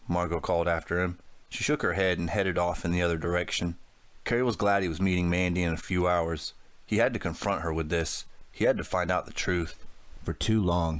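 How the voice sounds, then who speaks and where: Deep-voiced man narrating a story. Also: steady tone, brisk. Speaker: audiobook narrator. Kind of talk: scripted narration.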